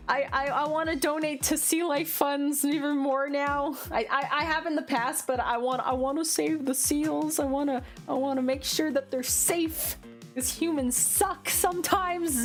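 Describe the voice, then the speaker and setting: A young woman with a bright, high voice that swoops all over as she rambles, full of "like" and frequent giggles. She chats casually to her stream audience. Soft background music plays under her voice. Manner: giggly, rambling, many fillers; animated, playful voices in quoted bits.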